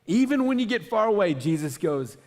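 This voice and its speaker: A man preaching a sermon as a pastor, telling a story with animated, acted-out quotes and then praying quietly. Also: sits high, fairly quick, long reverb tail.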